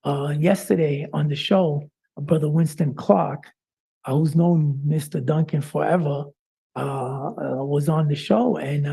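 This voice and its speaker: A man's voice: on the high side, vocal fry, mellow, slightly rough. A man co-hosting a live-streamed talk show, speaking in an impassioned, preacher-like way with frequent "uh" fillers.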